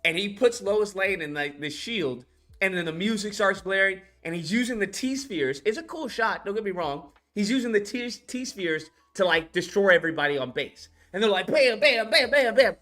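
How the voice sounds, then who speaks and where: A man reviewing a film in a casual rant, animated and profane, laughing as he recaps scenes. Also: high voice, moderate pace.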